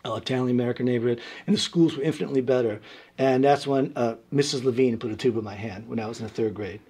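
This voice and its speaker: A middle-aged man from Brooklyn, an interview guest telling lively stories and acting out voices, with lots of "like" fillers. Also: medium pitch, rapid-fire, husky. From Brooklyn, New York. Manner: animated, acts out voices, many "like" fillers. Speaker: guest musician. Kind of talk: casual interview storytelling.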